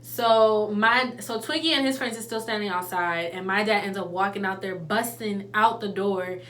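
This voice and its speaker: A young woman telling a personal story in a casual, slangy, animated way. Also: medium pitch, moderate pace, slight background noise. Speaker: vlogger.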